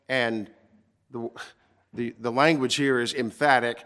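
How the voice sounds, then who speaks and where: A man preaching a sermon, earnest and emphatic, slowing down to stress key words. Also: mid-range voice, lively intonation, a bit bright. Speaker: pastor.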